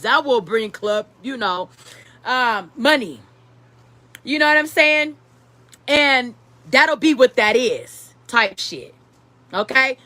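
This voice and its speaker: A high-voiced woman talks through her commentary with a bright, cutting tone, loud and profane, laughing as she goes. The sound is dry and close, with no room in it. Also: dry recording. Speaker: commentary vlogger.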